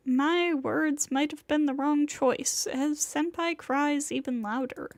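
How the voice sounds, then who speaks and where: A woman streamer reading a visual novel aloud, narrating in a soft, slow, measured way. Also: high-pitched, no echo.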